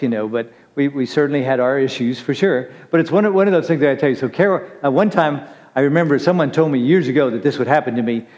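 A man's voice: mid-range voice, darkish tone. A middle-aged male pastor giving a chatty, joking sermon, teasing himself and his congregation. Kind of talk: conversational sermon. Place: church sanctuary. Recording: dull recording with long hall reverb.

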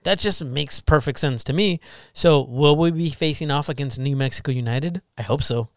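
A man co-hosting a casual podcast, lively and teasing as he explains and jokes. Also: a little high, normal speed, no room sound, studio quality. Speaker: podcast co-host. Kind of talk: casual chat.

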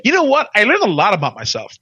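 A man in his forties telling stories in a casual chat, animated, barking out impressions of drill instructors. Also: high-pitched, fast, slightly rough, dry recording, highs cut off. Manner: animated, acts out drill instructors in loud barks. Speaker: podcast guest telling his life story.

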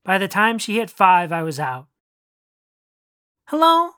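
A narrator earnestly reading a first-person story aloud in a measured way. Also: medium pitch, expressive, a bit bright, no echo.

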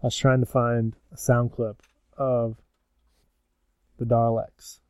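Young man, podcast co-host, mellow and joking, dry mic. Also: mid-range voice, flat delivery, clean tone, dry recording. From United States. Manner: joking, fills pauses with "um". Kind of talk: casual podcast chat.

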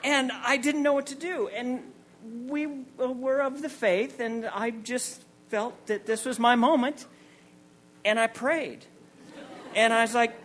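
A man's voice: very high voice, slow pace, fairly bright tone, slight background noise. A man in his forties telling a comic, self-mocking personal story on stage at a story night, acting out the people in it. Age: 40s.

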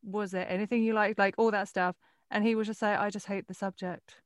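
A woman's voice: medium pitch, little pitch movement, fairly quick, no echo, clean studio sound. A woman as a guest in a casual chat, telling stories candidly and swearing freely.

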